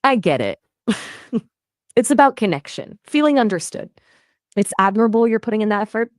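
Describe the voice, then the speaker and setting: A woman's voice: very animated, no echo. Playful upbeat AI woman voice. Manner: upbeat, playful, quick shifts in pitch. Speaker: AI conversation partner. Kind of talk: chatty voice assistant conversation.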